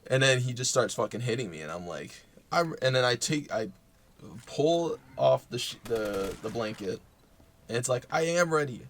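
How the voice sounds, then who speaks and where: A young man talking unscripted about his own life, halting, with lots of fillers and casual swearing. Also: mid-range voice, animated, slight background noise. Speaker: vlogger. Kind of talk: unscripted personal talk.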